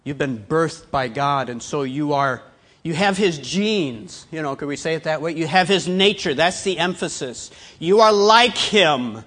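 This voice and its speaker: A middle-aged pastor preaching a sermon, moving from hushed personal storytelling to loud, emphatic preaching. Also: male voice, on the high side, moderate pace.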